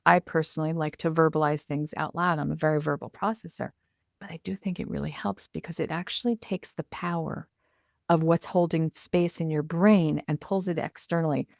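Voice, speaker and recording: A woman guest on a podcast, a communication coach talking in an animated, expressive way and acting out her inner self-talk. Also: low voice, a little fast, gravelly, no echo, studio quality. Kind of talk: conversational interview.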